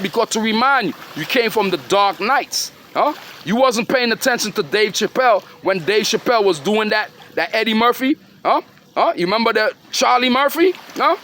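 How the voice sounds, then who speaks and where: A middle-aged man with a high voice for a man gives a rambling, streetwise sermon in heavy slang. He keeps firing short questions at his listeners and scolds them like a preacher. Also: pushed and bright, slight background noise. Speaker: father addressing his children and followers.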